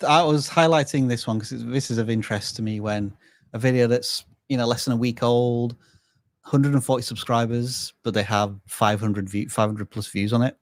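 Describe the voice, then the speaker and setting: A man hosting a live channel review, thinking aloud and giving measured advice. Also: medium pitch, fairly even intonation, no room sound, studio quality. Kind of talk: casual live-stream review.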